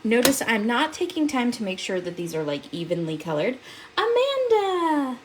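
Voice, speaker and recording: A chatty, upbeat woman demonstrates a craft project live. She reads out viewer messages as she works and laughs easily. Her voice sits at a middle pitch. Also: sing-song, fairly quick, noisy background. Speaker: crafting livestream host. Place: seated at a home craft desk.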